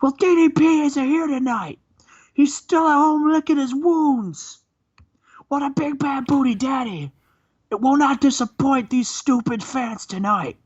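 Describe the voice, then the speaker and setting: A man's voice: very high voice, unhurried, a little mellow, muffled recording, pitched above the performer's own voice. A man putting on the voice of a boastful, muscle-bound male wrestler cutting a cocky trash-talking promo during comedic game commentary. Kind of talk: comedic let's-play commentary.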